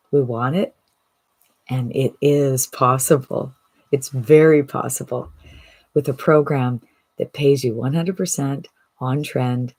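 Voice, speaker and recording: A woman's voice: very deep voice, vocal fry, dark tone. A woman coaching online marketing in a motivational vlog, keen and full of rhetorical questions. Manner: enthusiastic, rhetorical questions, pep talk.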